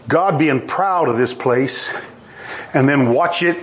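A middle-aged man preaching a sermon in an animated, exclamatory way, acting out quoted voices. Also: medium pitch, slow. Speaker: pastor.

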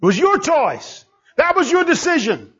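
A man preaching a sermon, driving his points home with repetition and bursts of shouting. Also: extremely high pitch, wildly swooping pitch, moderate pace. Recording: dull lo-fi recording.

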